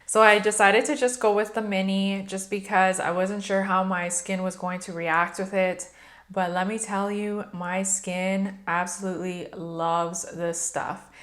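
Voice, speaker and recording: A woman beauty vlogger chatting casually and upbeat to her viewers, with frequent fillers. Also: mid-range voice. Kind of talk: casual haul vlog talk.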